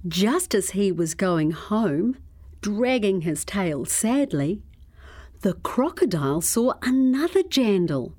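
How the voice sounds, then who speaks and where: Slow, expressive New woman storyteller. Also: medium pitch. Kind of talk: children's story read-aloud.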